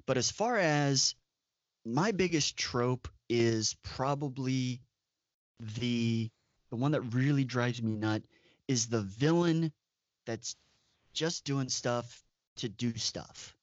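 A man co-hosts a casual podcast chat, voicing strong opinions with emphatic asides. He speaks slowly at a medium pitch. The audio is dull, dry, and lo-fi, with no echo.

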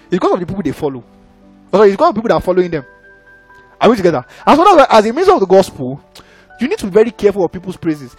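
A young man preaching a sermon in an animated, conversational way, often checking that listeners follow. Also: high voice, racing, husky, faint music behind.

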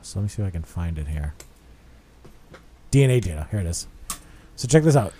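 A young man chatting on a podcast, telling a story with plenty of swearing. He gets animated and loud when he acts out what other people said. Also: sits low, a little fast, husky. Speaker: podcast host. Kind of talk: casual podcast chat.

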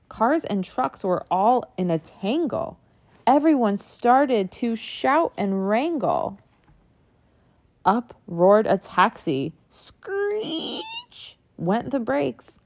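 A woman reading a children's picture book aloud in an expressive sing-song way, adding little sound effects. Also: medium pitch, takes it slowly.

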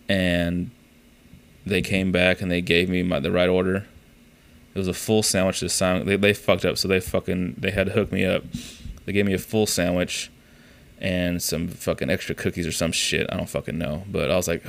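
A man with a very low voice and a rough, gravelly edge talks on a solo podcast. He rambles through profane, exasperated stories in a loose, casual way. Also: fairly even intonation, a little fast. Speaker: podcast host.

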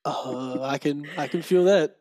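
A man telling stories as a podcast guest, animated, often breaking into laughter. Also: fairly high pitch, measured pace. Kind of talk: casual chat.

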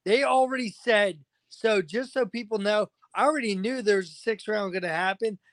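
Heated high-voiced man venting. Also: normal speed, no room sound. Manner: agitated, swearing constantly, venting. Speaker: fighter guest. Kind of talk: heated podcast interview.

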